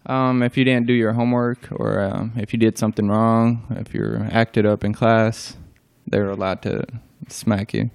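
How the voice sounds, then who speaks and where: Deadpan young man from Albania. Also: a little slow, gravelly, smooth, no echo, clean studio sound. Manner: brief, low-key deadpan answers. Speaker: guest. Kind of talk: casual interview chat.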